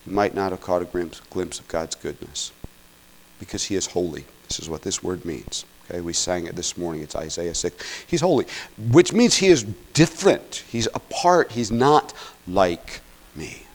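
A man preaching a sermon in an earnest teaching tone, often checking in with "okay?" and swinging between loud emphatic peaks and quiet asides. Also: sits low, expressive, moderate pace, low-quality recording. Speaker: pastor.

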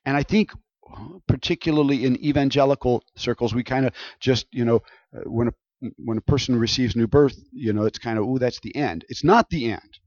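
A man's voice: medium pitch, brisk, darkish tone, no echo, lo-fi sound. A man preaching a sermon in a conversational way, often checking in with his listeners. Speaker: pastor.

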